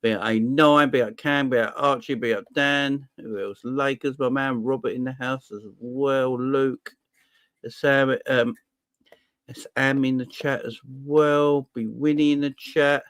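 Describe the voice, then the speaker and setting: Upbeat streamer, mid-pitched man, dry close sound, casual shout-outs to chat. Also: fairly even intonation, a little slow, dry recording. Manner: upbeat, shouting out viewers by name. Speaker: host of a football fan livestream.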